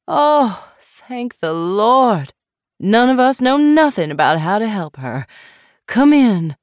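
A woman voicing a brisk, stern, heavy-set Southern woman of about sixty, with an upcountry Southern accent. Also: fairly high pitch, big pitch swings, no room sound, studio quality, pitched above the performer's own voice. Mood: relieved. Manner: brisk, commanding.

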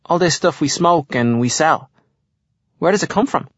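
A naive, eager young lad, voiced by a male narrator, who keeps asking questions with a lively, jumping pitch. His voice is a little husky, and the recording is dry and somewhat dull. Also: moderate pace, no echo.

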